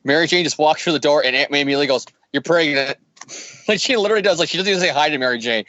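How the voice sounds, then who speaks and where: A man's voice: fairly high pitch, rapid-fire, bright, forceful tone, highs cut off. A man co-hosting a comic review show, recapping a story casually and jokingly, laughing as he goes. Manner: joking, laughs through the recap, mimics characters. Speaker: comic review podcast co-host.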